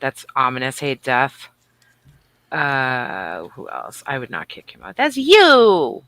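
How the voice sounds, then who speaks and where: A woman's voice: extremely low pitch, lively intonation, takes it slowly, bright, forceful tone, clear, resonant tone, no room sound. A woman co-hosting a casual livestream, bubbly and teasing as she greets viewers. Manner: bubbly, teasing, swings between squeals and mutters. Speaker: livestream co-host.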